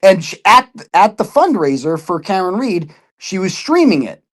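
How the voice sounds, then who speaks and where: A man's voice: sits high, big pitch swings, moderate pace, fairly bright tone. A man in casual chat, telling a story with lots of swearing and putting on other people's voices. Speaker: podcast guest.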